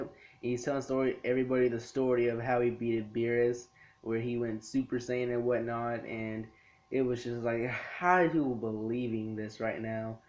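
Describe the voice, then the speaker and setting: A man talks through an anime episode review in his room, rambling loosely and slipping into quick acted-out lines from the characters. His voice sits at an ordinary middle pitch. The recording sounds dull and lo-fi. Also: little pitch movement, a little mellow. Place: his own room lit by a TV.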